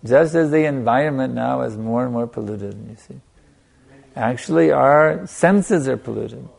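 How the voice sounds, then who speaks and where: A man giving a sermon as a spiritual teacher, stressing points by repetition and letting a soft "you see" trail off after them. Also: medium pitch, measured pace, gravelly. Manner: emphatic, repeating phrases for stress.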